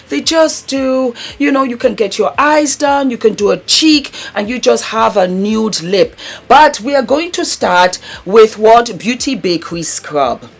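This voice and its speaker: A woman's voice: mid-range voice, vocal fry. Effusive woman beauty vlogger. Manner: effusive, fond, calls viewers darling; chatty with frequent laughs. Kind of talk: casual beauty vlog chat.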